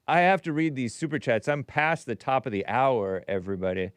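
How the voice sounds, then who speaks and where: Here a man with a mid-range voice hosts a call-in talk show as a podcaster, working through super chats in a casual, rambling monologue. He speaks briskly and smoothly yet keeps interrupting and restarting himself, animated throughout. It's studio quality with no room sound.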